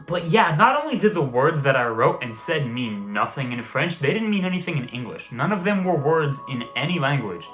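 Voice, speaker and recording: A man's voice: fairly high pitch, big pitch swings, fairly quick, hardly any pauses, fairly bright tone. A young man telling a casual story, rambling and swearing often. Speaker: vlogger. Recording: roomy echo, faint music behind.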